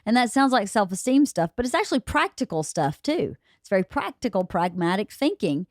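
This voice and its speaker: A woman's voice: medium pitch, big pitch swings, fairly quick, no echo. A middle-aged woman with a mid-range voice speaks plainly and practically, explaining her reasoning in an easy, reassuring way. The recording is dry and close-miked, with no room sound. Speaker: podcast host. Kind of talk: casual family conversation. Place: home, late night.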